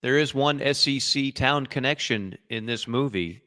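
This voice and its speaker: A man's voice: medium pitch, normal speed, pushed and bright, no room sound. A man co-hosting a casual sports podcast, telling movie stories with dry wisecracks. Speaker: podcast co-host.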